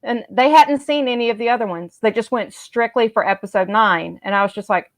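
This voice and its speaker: A woman in casual fan chat who tells stories in an animated way and acts out the people she quotes. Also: on the high side, a little fast, few pauses. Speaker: live chat co-host.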